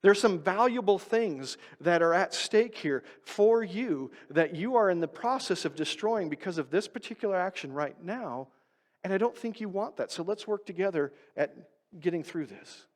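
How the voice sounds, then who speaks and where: Man preaching a sermon, high voice, long church echo, goes loud then quiet n low. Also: expressive, moderate pace. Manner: emphatic preaching that swings between loud stresses and quiet, low asides. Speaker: pastor. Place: church sanctuary.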